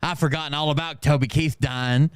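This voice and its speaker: A man's voice: on the high side, steady tone, a little fast, smooth, no room sound, studio quality. A man hosting a stream, reading viewer comments aloud in casual, mocking commentary and laughing often.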